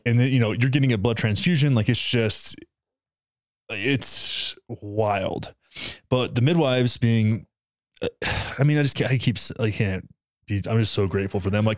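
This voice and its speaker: A man's voice: mid-range voice, no room sound, studio quality. A young man and new father talking casually and emotionally, swearing as he tells a story. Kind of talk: casual conversation.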